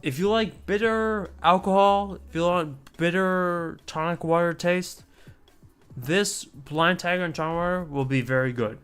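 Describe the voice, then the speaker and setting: A man's voice: high-pitched, unhurried, a bit bright, clean tone, faint music behind. A man streaming a casual chat, talking in a rambling, chatty way with asides and mild swearing.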